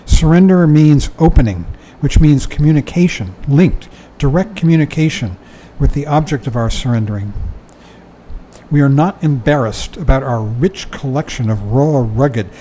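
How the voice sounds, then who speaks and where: A man's voice: medium pitch, lively intonation, normal speed, dark tone, slight background noise, rough recording. An older man giving a dharma talk, reading from a book and commenting in a conversational way, often chuckling and saying "you know".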